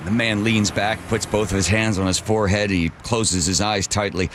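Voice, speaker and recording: A man's voice: fairly low pitch, steady tone, normal speed, a bit bright, slight background noise. A middle-aged man, a radio host, telling a story with vivid drama.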